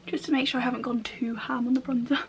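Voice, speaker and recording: A young woman chatting casually through a makeup tutorial, slangy and relaxed, often dropping into soft half-whispered asides. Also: on the high side, quick pace. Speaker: beauty vlogger.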